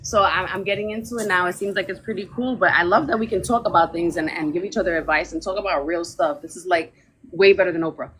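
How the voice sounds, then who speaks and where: A woman's voice: on the low side, fast, fairly bright tone, slight background noise. A woman from the Bronx with a New York accent, a podcast guest on a video call, talking in brash casual chat with laughs and swearing.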